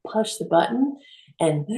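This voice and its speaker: Female co-host, low gravelly voice, mellow tone, roomy sound, lively storyteller. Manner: animated storytelling, acts out quotes. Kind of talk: reflective conversational talk. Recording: roomy echo.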